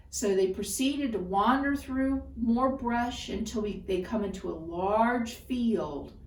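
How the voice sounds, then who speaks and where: A woman storyteller telling a folktale in an expressive, deliberate way. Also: medium pitch, gravelly, distant mic, a little hiss or hum. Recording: roomy echo, voice off-mic.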